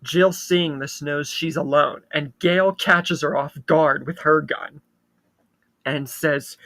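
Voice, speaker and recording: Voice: medium pitch, takes it slowly, fairly bright tone. A channel host casually retelling a fan-made horror story, with loose fillers between plot beats.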